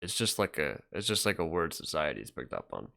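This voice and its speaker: A man's voice: very deep voice, very animated, brisk, creaky, pushed and bright. A young man hosting a casual livestream, chatting loosely and reacting to viewer comments as he rambles. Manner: rambling, reacts to chat, trails off. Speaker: livestream host reading chat.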